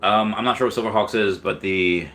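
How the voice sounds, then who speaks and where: Male host in his thirties, lower-pitched, rambling and excitable, casual livestream chat with faint noise behind. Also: fairly quick. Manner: rambling, with frequent restarts and fillers.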